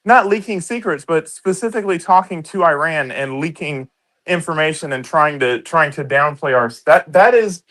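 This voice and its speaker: Guy arguing politics hard, cussing, cuts people off, voice sits a bit high. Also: expressive, normal speed, fairly bright tone, low-quality recording. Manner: combative, swears a lot, talks over others. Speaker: podcast co-host. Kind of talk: heated political debate.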